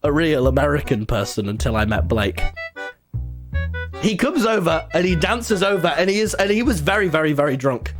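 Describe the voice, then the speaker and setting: A man's voice: fairly high pitch, big pitch swings, normal speed, over music. A young man telling a rambling story to his live chat, often laughing and restarting. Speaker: streamer.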